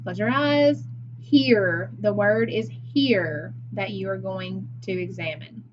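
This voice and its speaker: A woman's voice: mid-range voice, slow pace, lo-fi sound, background noise. A woman teacher leading a phonics lesson for young children, patient and praising as she sounds words out.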